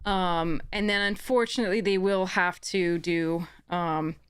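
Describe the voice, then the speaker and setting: A woman's voice: on the low side, fairly even intonation, measured pace, smooth. A woman streamer chatting casually to her live audience, rambling with many fillers and restarts. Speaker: game streamer.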